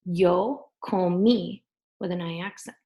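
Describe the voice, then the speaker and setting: Gravelly-voiced woman teaching a lesson. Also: lowish voice, dark tone, rough recording. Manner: patient, repeats verb endings slowly. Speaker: Spanish teacher. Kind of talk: recorded class lesson.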